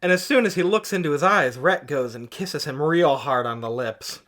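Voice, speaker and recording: A podcast co-host reads fan fiction with a dry, deadpan delivery. The voice sits at a middle pitch. Sarcastic asides cut in between the lines of the story. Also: moderate pace.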